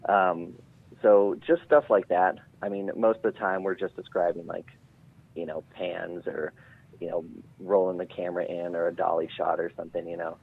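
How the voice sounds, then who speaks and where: A man's voice: low voice, level tone, normal speed, creaky, breathy edge. A man, a game master guest, chatting casually and hesitantly on a podcast. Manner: hesitant, many fillers and restarts. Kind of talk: casual chat. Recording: tinny phone-like line.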